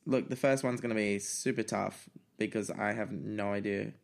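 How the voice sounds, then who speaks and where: A young man co-hosting a podcast in relaxed, casual conversation. He sounds wry, laughs easily and drops the odd swear word. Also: lowish voice, normal speed, gravelly, soft background music. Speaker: podcast co-host. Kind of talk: casual chat.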